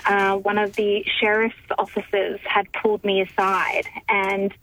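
Animated woman caller telling a story. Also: mid-range voice, a little slow, poor audio. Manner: animated, laughs while telling. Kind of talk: storytelling on a call-in show. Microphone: phone call.

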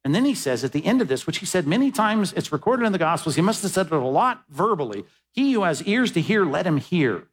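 Emphatic preaching man, raised pitch. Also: big pitch swings, fairly quick, hardly any pauses, breathy edge, poor audio. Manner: conversational asides to the congregation. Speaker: pastor. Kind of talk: sermon.

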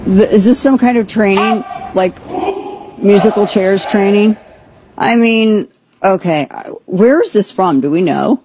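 Incredulous joking talk radio hostess. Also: female voice, mid-range voice, dark tone, slight background noise. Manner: incredulous, joking, rapid asides. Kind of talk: casual talk show banter.

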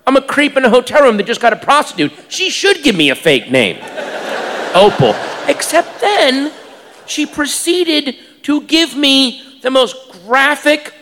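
A man doing stand-up storytelling on a stage, animated, incredulous and self-mocking. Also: very high voice. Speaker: stand-up comedian. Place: live comedy venue, large hall. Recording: long hall reverb, faint ambience.

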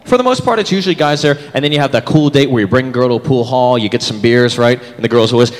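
A man in his thirties performing a stand-up comedy set, animated and jumping into character voices. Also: medium pitch, very fast, few pauses. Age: 30s. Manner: animated, switches into voices for bits. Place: comedy club stage with live audience. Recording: reverberant club, audience laughter, room noise.

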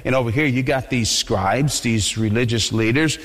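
A male pastor preaching a sermon in an animated, conversational way, often repeating his words. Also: mid-range voice, normal speed. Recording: long hall reverb.

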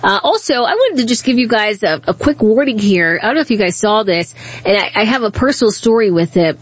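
A woman's voice: mid-range voice, very animated, a little fast, slightly rough, dry recording. A woman hosting a talk radio show, telling a story in a chatty way. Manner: chatty, storytelling, laughs easily. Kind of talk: casual talk radio monologue. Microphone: studio microphone.

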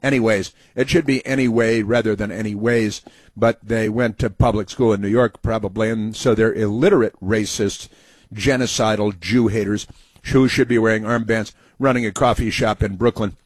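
A man's voice: lowish voice, steady tone, moderate pace, no echo. A man hosting a political commentary monologue in a sarcastic, mocking manner.

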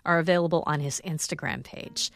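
A woman hosting a public radio show, wrapping up an interview and reading out announcements in a measured, composed way. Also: low-pitched, creaky, fairly bright tone.

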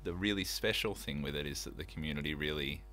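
A man's voice: rumbling low, fast talker, sharp tone, slight background noise. A man talking about his theatre production in a casual interview, earnest and enthusiastic, with many fillers. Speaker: theatre director, guest.

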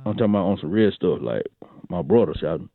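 A man's voice: low-pitched, animated, fast talker, vocal fry, no room sound. A man, drawling and repeating himself, telling a comic story on a morning radio show. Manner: drawling, repetitive, calls everyone shawty and boy. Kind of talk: comedic morning radio monologue. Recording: tinny phone-like radio line.

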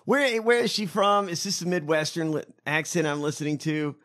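A man's voice: on the high side, steady tone, normal speed, fairly bright tone. A man hosting a casual commentary show, ranting in an incredulous, profane way. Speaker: podcast host.

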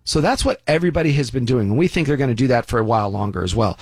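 A man's voice: medium pitch, expressive, quick pace, no echo. Folksy, sarcastic male commentator. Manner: folksy, sarcastic, with lots of asides. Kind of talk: opinion commentary monologue.

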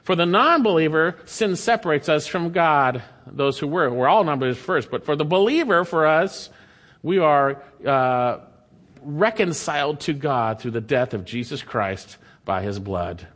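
High-voiced man preaching in a reverberant hall. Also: lively intonation, measured pace, a bit bright. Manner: preaching with emphatic rises and drops, reading scripture aloud. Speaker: pastor. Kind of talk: sermon.

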